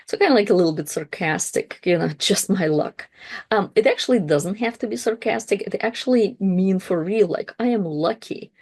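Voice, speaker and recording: A woman teaching a language lesson, carefully slowing down to pronounce each example word. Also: mid-range voice, lively intonation, a little mellow, slightly rough, dry recording. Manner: careful, slowed pronunciation of example words.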